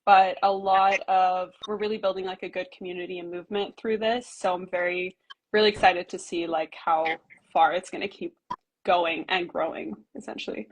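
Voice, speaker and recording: A woman in her twenties from Canada, answering interview questions earnestly and haltingly, with many fillers. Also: lowish voice, fairly even intonation. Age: 20s. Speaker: documentary filmmaker and guest.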